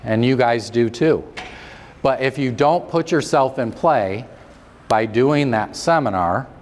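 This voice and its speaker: A middle-aged man tells a seminar story in a casual, joking way, laughing at himself and swearing now and then. His voice sits at an ordinary pitch for a man. It rings with the long reverb of a large convention hall. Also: slow pace, a little hiss or hum. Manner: animated, joking, self-deprecating, swears casually. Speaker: chiropractor giving a seminar talk.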